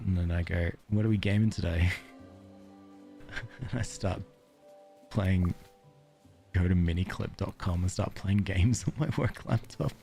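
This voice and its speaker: A man's voice: low-pitched, gravelly, dark tone. A man with an Australian accent streaming a game, chatting casually with viewers in a joking, self-deprecating way and laughing often.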